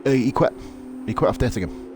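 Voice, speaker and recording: A man giving chatty, excitable live commentary on a sim racing league, calling his co-host "mate". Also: medium pitch, quick pace. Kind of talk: live casual race commentary. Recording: loud game car noise behind.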